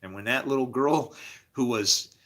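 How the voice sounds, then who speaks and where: Bright-voiced rambling middle-aged man. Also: mid-range voice, normal speed. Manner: rambling, candid, laughing often. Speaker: podcast host. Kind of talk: casual personal monologue.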